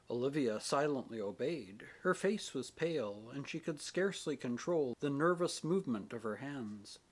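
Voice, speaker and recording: A man narrating a novel chapter in a measured storytelling manner. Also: medium pitch. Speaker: audiobook narrator. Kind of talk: scripted narration.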